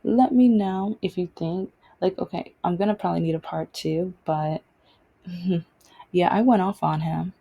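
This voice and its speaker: A woman's voice: fairly low pitch, a little slow, creaky, dark tone, slightly rough. A woman hosting her own vlog, telling a personal story in a casual, rambling way with many restarts. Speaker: vlog host.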